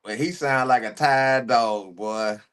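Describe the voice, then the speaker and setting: A man's voice: medium pitch, slow, fairly bright tone, clear, resonant tone. A man giving casual reaction commentary in a preachy, emphatic way, repeating his phrases and using slang. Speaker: reaction streamer.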